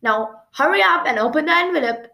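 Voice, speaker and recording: A bossy, merry old ghost uncle, voiced by a woman reading a storybook presses his nephew loudly. Her voice stays high even in his booming lines. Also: brisk, gravelly, heavily acted. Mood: insistent. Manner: booming, insistent.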